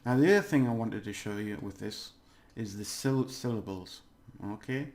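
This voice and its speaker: A man with a gravelly, creaky voice teaches a relaxed video lesson. He stretches and overdoes words to show how they sound, and laughs off his own stumbles. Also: on the low side, normal speed. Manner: chatty, exaggerates words to demonstrate, laughs at own slips. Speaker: language teacher.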